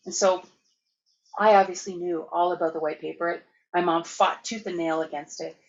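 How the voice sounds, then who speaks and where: A woman from Canada giving a conference keynote, telling lively anecdotes with laughter. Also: fairly low pitch, normal speed, lo-fi sound, slight background noise. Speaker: keynote speaker. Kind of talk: storytelling conference talk.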